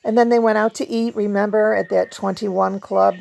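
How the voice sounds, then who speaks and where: Chatty woman with a gravelly voice. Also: medium pitch, steady tone, moderate pace, darkish tone. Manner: chatty, laughs often, hums song snippets. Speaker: video host; performer. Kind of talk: casual book review vlog.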